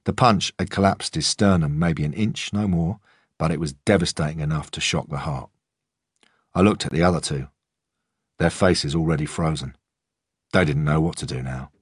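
A man reading a first-person story aloud in a calm, measured way. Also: rumbling low, husky, no room sound, studio quality. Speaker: audiobook narrator. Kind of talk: first-person audiobook narration.

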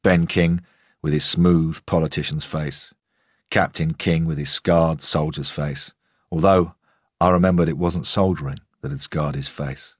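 A male narrator reads a first-person novel in a measured, understated way. His voice is very low and husky. The recording is close and dry. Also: fairly even intonation, no echo. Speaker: audiobook narrator.

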